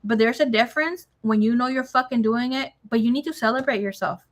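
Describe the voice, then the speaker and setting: A woman's voice: on the high side, a little fast. Chatty woman mixing in Spanish. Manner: chatty, swears freely, mixes in Spanish phrases. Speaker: tarot reader. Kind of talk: casual tarot reading to a viewer.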